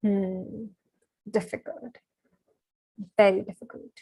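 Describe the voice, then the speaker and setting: A woman's voice: mid-range voice, little pitch movement, slow pace, gravelly, breathy edge, heavily acted. A woman murmuring as the sly Sorting Hat. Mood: musing. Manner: soft, murmuring and musing. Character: old male magical talking hat, sly and probing.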